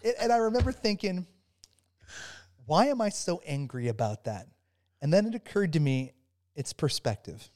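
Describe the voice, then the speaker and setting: A man, a former soldier, telling a story as a podcast guest, stumbling over restarts and warming into animated retelling. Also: fairly high pitch. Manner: halting, many restarts, grows animated while telling a story. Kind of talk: casual storytelling interview.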